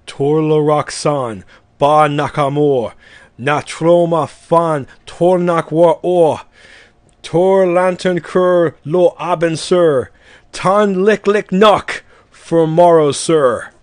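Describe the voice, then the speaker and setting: A man chanting a made-up oath as a male Indigo Tribe member, slow and measured, close to his normal voice. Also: on the high side, no room sound.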